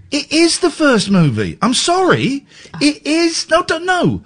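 A male English radio host in lively banter, ranting in mock outrage and stumbling over restarts. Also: extremely high pitch, a little slow.

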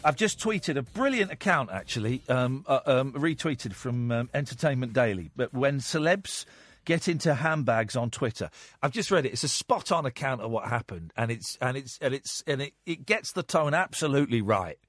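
A man's voice: medium pitch, lively intonation, normal speed, fairly bright tone, dry recording, studio quality. A man hosting a late-night radio phone-in, joking with callers, full of restarts and mock voices. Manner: jokey, slips into mock advert voices and accents, many restarts. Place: radio studio. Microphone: studio microphone.

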